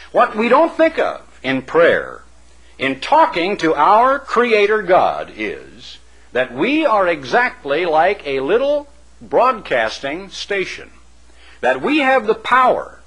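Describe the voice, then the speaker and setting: A man's voice: on the high side, a bit bright, poor audio. A man delivering a radio sermon as an evangelist broadcaster, with dramatic emphasis. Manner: dramatic, swooping emphasis with acted-out voices.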